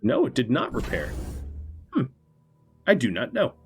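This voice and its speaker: Lively man doing playful gameplay commentary. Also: medium pitch, measured pace, breathy edge. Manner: playful, gleefully mock-villainous. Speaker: streamer playing a strategy game. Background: faint game music.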